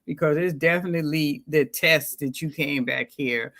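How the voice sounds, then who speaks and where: Man, earnest, preachy, slightly high voice, bright tone, casual advice. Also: normal speed. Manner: earnest and preachy, with "you know" and "right?". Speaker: panelist.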